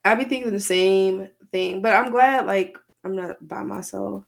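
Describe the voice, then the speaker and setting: A woman's voice: medium pitch, measured pace, vocal fry. A woman co-hosting a casual podcast, talking candidly and rambling, swearing freely and leaning on "like" a lot. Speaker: podcast co-host. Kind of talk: casual chat.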